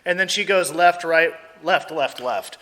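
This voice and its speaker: A young American man telling a story casually as a podcast guest, animated and acting out voices. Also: fairly high pitch, measured pace, in a large hall, crowd noise. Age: young adult. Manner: animated, acts out voices in his stories.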